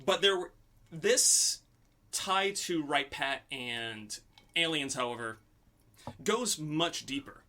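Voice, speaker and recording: Brief: a podcast host with a bright, slightly high voice, spinning a story casually with lots of fillers. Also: male voice, animated, slow. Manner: storytelling with many "um" and "like". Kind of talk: casual chat.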